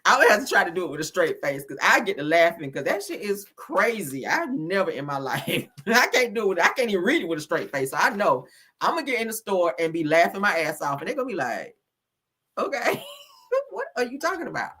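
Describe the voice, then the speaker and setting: A woman with a lowish, slightly rough voice talks fast in a sing-song way while hosting a casual comedy livestream. She's loud, laughs a lot, swears, and keeps crying out to the Lord in preachy exclamations.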